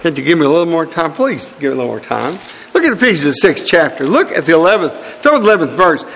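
A man's voice: on the high side, big pitch swings, fast, a bit bright, in a large hall, a little hiss or hum. A man preaching a sermon in a church, folksy and pleading with his congregation, chuckling as he goes.

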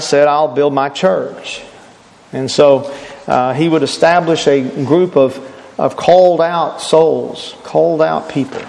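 A man's voice: fairly high pitch, vocal fry, long reverb tail, poor audio. A man preaching a sermon earnestly, asking rhetorical questions and stressing his points.

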